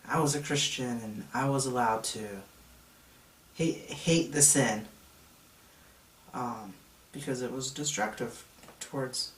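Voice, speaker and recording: A man's voice: mid-range voice, takes it slowly, slight background noise. A man in his thirties telling his own story in a reflective, confessional way. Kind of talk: personal testimony vlog. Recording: echoey room, mic at a distance.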